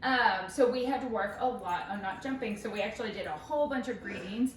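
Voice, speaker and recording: A woman dog trainer explaining and demonstrating in a chatty, upbeat way. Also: fairly quick. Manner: chatty, upbeat, switches to high praise voice with the dog. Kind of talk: instructional dog training demo. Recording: roomy echo, voice from a distance, faint music.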